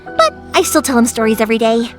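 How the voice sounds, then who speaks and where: A woman voicing a lively young fireworks maker and caring daughter in a video game dub, energetic and patient. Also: a little high, fast, over loud music. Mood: warm. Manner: bright and energetic, patient with her father.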